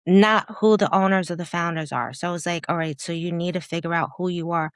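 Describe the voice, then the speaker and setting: Woman in her 50s, podcast guest, lowish voice, animated storyteller, dry close mic. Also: a little fast, no echo. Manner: animated storytelling, voices her own past thoughts, laughs often. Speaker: podcast guest, business founder. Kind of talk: candid interview chat.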